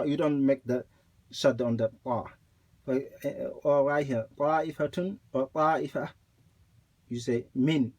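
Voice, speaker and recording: Slow, deliberate male Quran teacher. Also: medium pitch, a little mellow. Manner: deliberate, repeats points, recites examples aloud. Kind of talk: slow explanatory lesson with recitation examples.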